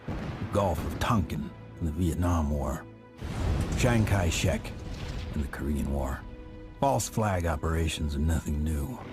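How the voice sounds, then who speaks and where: A man giving a grave, measured scripted narration for a documentary. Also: a bass voice, expressive. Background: music.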